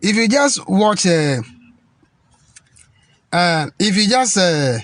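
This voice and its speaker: A man from Ghana, delivering an indignant political rant full of halting restarts and repetition. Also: high-pitched, animated, fairly bright tone, no room sound. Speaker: political commentator.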